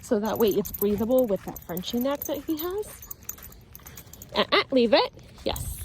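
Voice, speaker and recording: Woman, dog trainer, outdoors, sharp commands, explaining while walking, faint background noise. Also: on the high side, sing-song, normal speed. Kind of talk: instructional talk during dog training.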